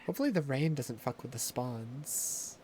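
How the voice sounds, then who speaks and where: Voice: mid-range voice, lively intonation, normal speed, over music. A streamer giving casual live commentary on a game, swearing freely, joking with chat and ranting at the game's mechanics.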